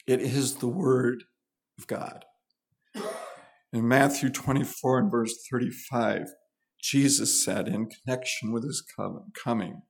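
A man's voice: medium pitch, steady tone, unhurried, vocal fry. A male preacher delivers a sermon in a mid-range voice. He teaches earnestly and leans hard on key words, pressing each point home. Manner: earnest, emphatic teaching with rising stresses.

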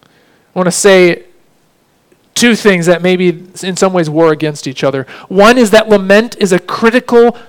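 A man preaching a sermon, earnest, slowing down to read scripture lines with emphasis. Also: high voice, clear, resonant tone, poor audio. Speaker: pastor.

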